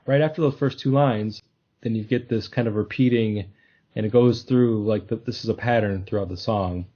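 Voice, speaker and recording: A man's voice: lowish voice, normal speed, warm tone, dull audio. A man hosting a casual podcast discussion, talking thoughtfully and hesitantly with many restarts. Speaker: podcast host.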